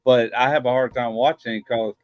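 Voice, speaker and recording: A man's voice: mid-range voice, steady tone, brisk, no echo, dull audio, faint music behind. A man hosting a casual live-stream chat, rambling in a folksy, plain-spoken way. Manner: rambling, folksy, drops "ain't". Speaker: host. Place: home studio live stream.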